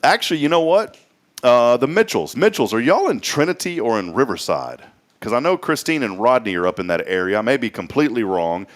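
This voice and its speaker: A man's voice: medium pitch, very animated, brisk. A man hosting a local morning show, talking in a folksy, rambling way with lots of fillers. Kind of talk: casual morning show chat. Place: small studio.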